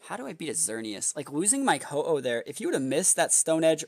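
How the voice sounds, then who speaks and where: A man's voice: fairly high pitch, very animated, fairly quick, creaky, few pauses, darkish tone, no echo. A young man thinking aloud through a competitive match, analyzing his opponent's moves, with frustrated outbursts at times. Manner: analytical, muttering strategy to himself, then bursting into exasperated outbursts. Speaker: competitive game player and video creator. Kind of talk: thinking-aloud gameplay commentary.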